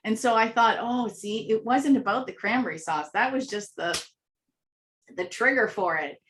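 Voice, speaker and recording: Woman, interview guest, casual storytelling, animated, laughs often, fairly high voice. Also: moderate pace, a little hiss or hum.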